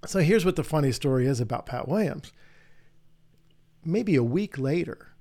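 A middle-aged man hosting an interview, telling long, animated anecdotes in a casual, rambling way. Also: a little high, moderate pace. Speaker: podcast host.

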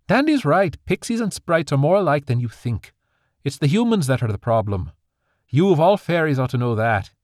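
A man's voice: mid-range voice, very animated, moderate pace, darkish tone, dry recording, studio quality, pitched above the performer's own voice. A man doing a firm, protective fairy mother. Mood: gentle.

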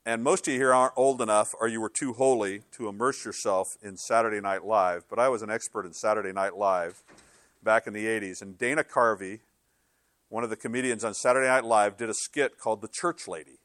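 An older man preaching a sermon as a pastor, telling stories with lively voice changes as he acts out inner dialogue. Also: on the low side, brisk, dry recording, clean studio sound.

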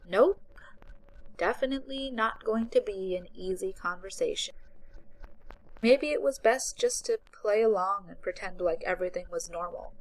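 Woman narrator, steady audiobook storytelling, mid pitch. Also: moderate pace, rough recording.

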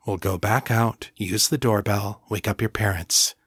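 A man voicing a steady, deferential man in an audiobook, speaking low and urgently, close to a murmur. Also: measured pace, husky, dry recording.

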